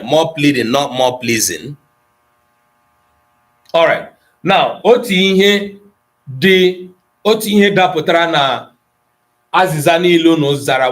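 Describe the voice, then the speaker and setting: Slow, deliberate man teaching a class. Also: mid-range voice, fairly bright tone. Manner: switches between English, Igbo and Pidgin, addresses students by name; slow and deliberate, with pauses and repetitions. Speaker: Igbo language teacher. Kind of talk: online class lecture.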